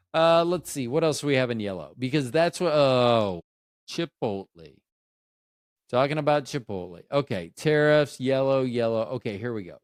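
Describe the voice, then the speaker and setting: A man's voice: on the high side, clear, resonant tone, no room sound, studio quality. Rambling, jokey man in his fifties. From Tampa Bay, Florida, USA. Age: 50s. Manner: rambling, self-interrupting, jokey. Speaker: podcast host. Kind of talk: casual solo chat.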